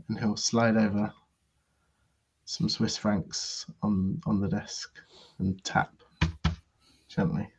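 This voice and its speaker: A man's voice: on the low side, little pitch movement, slow pace, long pauses, slightly rough, lo-fi sound. Hesitant man describing his character's moves. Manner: hesitant, describing actions in third person. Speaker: player.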